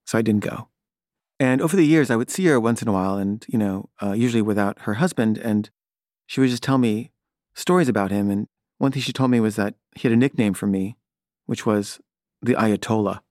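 A man's voice: on the low side, fairly quick, darkish tone, no echo, studio quality. A middle-aged man, a filmmaker, telling a personal story in a hesitant, wry, rambling way with many fillers and restarts.

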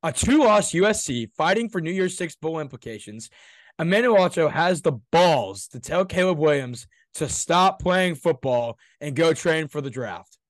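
Young man, podcast co-host, heated ranting, swears a lot, slightly high voice, dry close mic. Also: expressive, normal speed, no echo. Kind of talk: casual sports talk.

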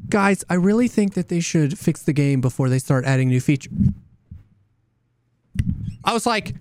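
Animated rambling man, fairly high voice. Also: normal speed, no echo, clean studio sound. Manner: animated, rambling, with frequent restarts and mock voices. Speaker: podcast co-host and streamer. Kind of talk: casual podcast chat.

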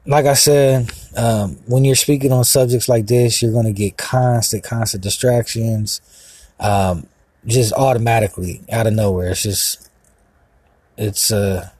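A man's voice: mid-range voice, darkish tone, no echo. A man ranting in a rambling, profane, agitated monologue with many fillers. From Mexican heritage. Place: outdoors, sitting in a car.

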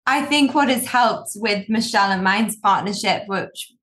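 Talking at a normal speed in a mid-range, fairly bright voice, a young designer rambles on as an interview guest. Her long sentences about her design partner are packed with fillers and restarts in this casual chat.

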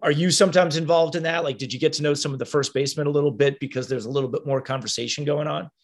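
A man's voice: on the high side, fairly even intonation, rapid-fire. A man hosting an interview, asking long, winding questions full of fillers. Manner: curious, long rambling questions with many fillers. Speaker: podcast interviewer. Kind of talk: conversational interview.

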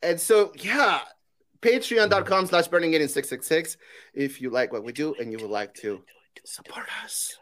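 A man's voice: a little high, moderate pace, fairly bright tone. A man co-hosting a casual podcast, joking and hesitant with frequent filler words. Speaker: podcast co-host.

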